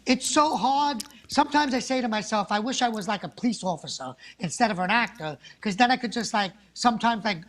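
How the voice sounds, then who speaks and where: A man's voice: high-pitched, brisk, hardly any pauses, fairly bright tone. A man, a guest actor chatting casually and rambling through stories, acting out the people in them. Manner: rambling storyteller, acts out quoted people. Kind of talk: casual interview chat.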